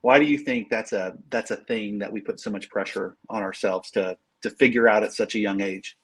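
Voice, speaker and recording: A man's voice: on the low side, fairly even intonation, brisk, breathy edge. A man hosting a podcast interview, asking questions and giving short friendly replies. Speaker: podcast host.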